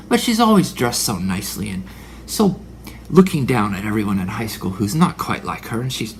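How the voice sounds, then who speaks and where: A man's voice: medium pitch, gravelly, a little hiss or hum. A man in his forties delivering a religious monologue, dramatic, sometimes dropping into whispered asides. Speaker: religious speaker. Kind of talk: preaching monologue.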